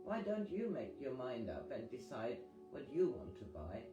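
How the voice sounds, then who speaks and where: Man voicing a curt impatient young woman, animated pitch, echoey room. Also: moderate pace. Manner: curt, dismissive. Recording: echoey reading over guitar music.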